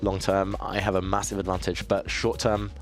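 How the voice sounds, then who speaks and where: A man with a low, deep voice talks through his chess moves on a live stream. He thinks aloud, chats easily with his viewers and pokes fun at himself. Soft music plays faintly behind him. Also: level tone, moderate pace. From southeast England. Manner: thinks aloud, self-deprecating, chatty with viewers. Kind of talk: casual live-stream commentary while playing.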